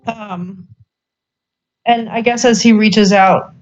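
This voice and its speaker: Woman player, slow hesitant talk, many fillers, muffled lo-fi call. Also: mid-range voice, steady tone, darkish tone, soft background music.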